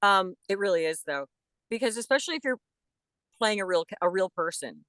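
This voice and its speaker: A woman who is a voice actress, chatting as a guest in an interview with enthusiastic, animated talk and frequent restarts. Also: medium pitch, brisk, no echo. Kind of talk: casual interview chat.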